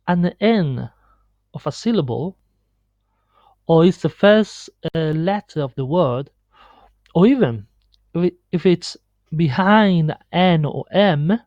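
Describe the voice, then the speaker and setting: Man, slow halting teacher, dry dull screencast sound. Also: fairly high pitch, darkish tone, no room sound. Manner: slow, halting explanation with many fillers and restarts. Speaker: Spanish teacher. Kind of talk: screen-recorded pronunciation lesson. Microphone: computer mic on a screen recording.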